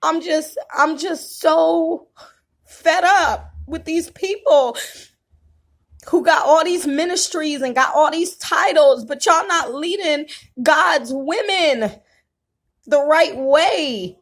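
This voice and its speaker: A woman's voice: high-pitched, takes it slowly. A woman vlogger, venting in an impassioned, preacher-like way and crying at times. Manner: impassioned, tearful, preacher-like cadence. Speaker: YouTube vlogger. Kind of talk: emotional venting monologue.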